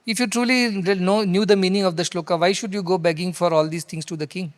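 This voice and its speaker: A man's voice: high voice, steady tone, fast talker, lightly acted. Firm wise village wife, as a man puts her on. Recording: long hall reverb.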